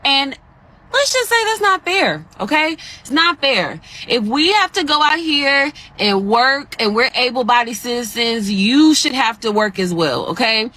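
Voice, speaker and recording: A woman's voice: high-pitched, big pitch swings, unhurried, pushed and bright. A woman giving emphatic, assertive commentary to her viewers. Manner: emphatic, assertive, repeats okay for stress. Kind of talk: casual social media commentary.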